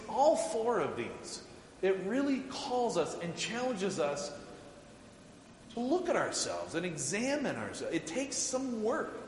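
A man's voice: high-pitched, a little hiss or hum. A middle-aged male pastor giving a casual, conversational sermon with frequent chuckles and fillers. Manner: casual and conversational, laughs often, many fillers. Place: church sanctuary. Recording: echoey church hall.

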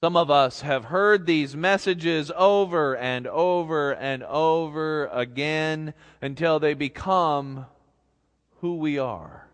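A man preaching a sermon, speaking gently and reflectively as a pastor. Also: on the high side, slow pace. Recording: long reverb of a large hall.

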